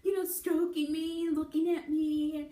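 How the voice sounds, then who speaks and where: Giggly high-voiced woman telling a story. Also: flat delivery, moderate pace, warm tone. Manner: giggly, laughing through the story. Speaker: beauty vlogger. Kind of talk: casual storytelling. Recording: echoey room.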